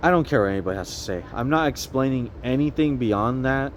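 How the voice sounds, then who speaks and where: A man holds his phone and talks outdoors in a rambling, agitated stream, repeating himself and pressing the viewer with questions. His voice sits at an ordinary middle pitch. Faint street traffic carries on behind him. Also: lively intonation, quick pace. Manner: agitated, repetitive, keeps asking the viewer "you see that?". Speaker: vlogger. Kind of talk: rambling self-filmed monologue.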